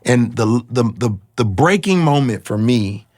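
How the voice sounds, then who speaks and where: A man telling his personal faith testimony in a reflective, halting, emotional way. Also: mid-range voice, lively intonation, darkish tone, dry recording, studio quality. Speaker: guest sharing his testimony.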